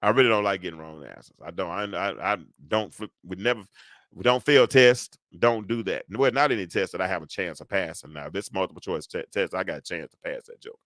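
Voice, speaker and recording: A man in his fifties hosting a live call-in talk show, rambling and animated as he talks back to callers and chat. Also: low voice, a little fast, no echo, clean studio sound. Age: 50s. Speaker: show host.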